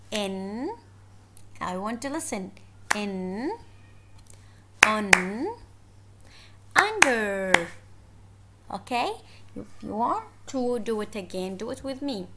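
A woman teacher talks to small children in a very slow, deliberate way and repeats each word carefully. Her voice sits a little high, and her pace is patient and encouraging. A faint hum of room noise runs underneath. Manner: encouraging, repeats words slowly and clearly. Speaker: first-grade English teacher. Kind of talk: slow, simple lesson for young children.

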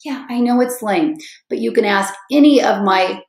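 A woman's voice: a little high, moderate pace, darkish tone. A woman biology teacher giving an upbeat, chatty lesson, often checking in with "okay?", and chanting a memory song with hand motions. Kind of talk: recorded classroom lecture with song. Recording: echoey room.

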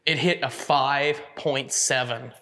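A man with a congested, nasal voice hosts a ghost hunt, calling out meter readings. He sounds eager and keeps up a running commentary, at a middling pitch. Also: slow. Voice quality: nasal, stuffy from allergies. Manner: excited, narrating readings aloud. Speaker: paranormal investigator host.

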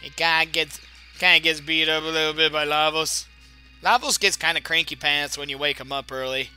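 A young man gives joking, chatty commentary on a video game he is playing. His voice sits a little high and has a very bright, forceful tone, with faint game music playing behind him. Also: steady tone, brisk, smooth. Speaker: let's play host.

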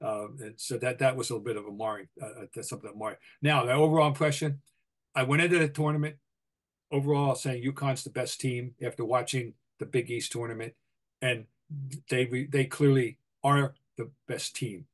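An older man with a Boston accent, co-hosting a sports podcast, opinionated and full of halting restarts. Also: mid-range voice, fairly even intonation. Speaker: podcast co-host, basketball writer. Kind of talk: casual sports talk.

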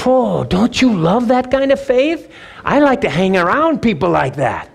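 A male pastor preaching a sermon, telling a story with animated, emphatic repeats. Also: high voice, measured pace, gravelly, husky.

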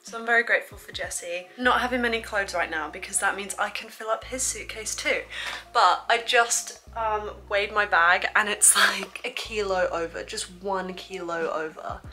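Young woman, vlogger, chatty storytelling, bright tone, faint music underneath. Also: medium pitch, moderate pace, low-quality recording. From England. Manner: chatty, says "like" a lot. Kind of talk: casual storytelling to camera.

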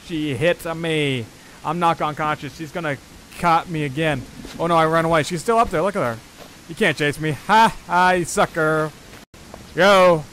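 A man giving let's play commentary on a horror game, excitable and prone to panicky yelps. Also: a little high. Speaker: gaming YouTuber.

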